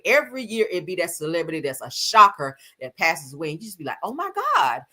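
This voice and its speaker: Sassy, chatty woman with lively swings. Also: low-pitched. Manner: chatty, sassy, addresses viewers as y'all and honey. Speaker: celebrity gossip streamer. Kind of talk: casual chat.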